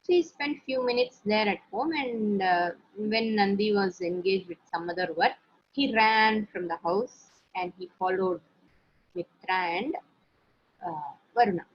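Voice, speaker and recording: A woman narrates a spiritual story to her class in a relaxed, conversational way, breaking off for asides to her listeners. Her voice is slightly husky and sits mid-range in pitch. The lo-fi recording sounds dull. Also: unhurried. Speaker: teacher.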